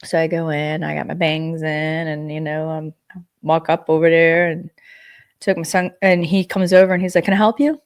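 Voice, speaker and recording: A woman hosting a casual podcast chat, telling lively stories and swearing freely. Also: low-pitched, normal speed. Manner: animated storyteller, swearing freely. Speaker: podcast host.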